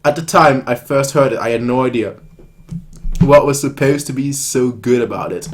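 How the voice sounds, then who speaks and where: A man's voice: medium pitch, moderate pace. A man hosting a reaction video, reading a manga aloud and joking in a rambling way, stumbling over his words.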